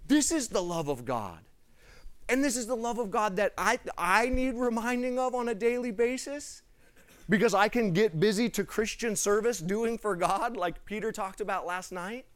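Young male preacher, fairly high voice, lively storyteller who acts out each scene and drops to a hush. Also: normal speed. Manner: animated, acts out the people in his stories; laughs between lines, drops to a hushed tone for tender moments. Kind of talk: storytelling sermon.

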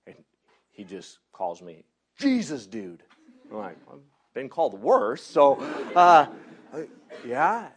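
A man preaching by telling a personal story, animated, laughing often and acting out the people in it. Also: medium pitch, takes it slowly, pauses often, slightly rough. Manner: animated, laughs often, acts out others in quotes. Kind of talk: storytelling sermon.

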